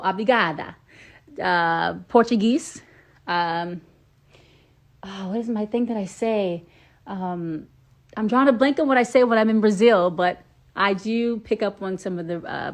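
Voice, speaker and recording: A woman from Atlanta, Georgia, chatting casually on a phone livestream and answering fans' questions with lots of ums. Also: fairly low pitch. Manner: chatty, many ums, playful accent switching. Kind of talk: casual chat.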